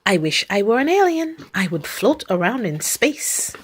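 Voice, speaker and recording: A woman's voice: mid-range voice, very animated, normal speed, slightly rough. A woman reading picture books aloud to a young child, playfully acting out animal noises and sound effects.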